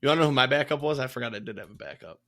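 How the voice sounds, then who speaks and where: A young man co-hosting a podcast, chatting casually with animated, swearing storytelling. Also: medium pitch, racing. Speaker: podcast co-host. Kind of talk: casual chat.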